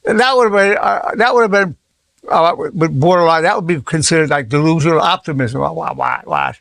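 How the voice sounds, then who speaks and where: An animated man in his eighties, a psychologist, speaks in a slightly high, somewhat bright voice with vocal fry, moving at a moderate pace. His informal teaching talk is full of anecdotes, repeated words, restarts, and acted-out dialogue. There's no liveliness from the room; the recording is dry.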